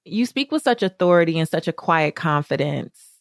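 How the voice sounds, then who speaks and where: A woman hosts her podcast in a slightly low voice. She gushes with eager, rambling enthusiasm. The sound is close and dry. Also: expressive, moderate pace, no room sound. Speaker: podcast host. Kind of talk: podcast intro and interview chat.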